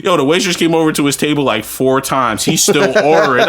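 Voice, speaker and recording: A man, drunk and telling crude stories on a podcast, ranting loudly with profanity and bursts of laughter. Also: fairly high pitch, huge pitch swings, normal speed, few pauses, noisy background. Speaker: podcast co-host. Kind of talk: crude storytelling banter.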